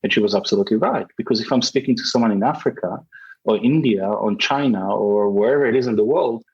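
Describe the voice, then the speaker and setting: Emphatic husky man, English not his native tongue. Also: lowish voice, fast, muffled recording. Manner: emphatic, acts out quoted voices. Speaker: podcast guest, public speaking champion. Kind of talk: animated interview answers.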